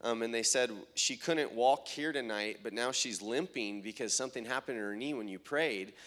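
A man telling testimonies of prayer meetings and healings, often quoting people in a raised, excited voice. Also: mid-range voice, normal speed. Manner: animated retelling, quoting others in raised voice. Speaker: traveling minister. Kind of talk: testimony storytelling.

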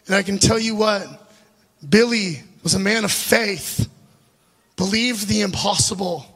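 A man preaching a storytelling sermon, animated and laughing at his own asides, addressing the congregation directly. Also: high-pitched, measured pace, breathy edge. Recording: live sermon with long hall reverb.

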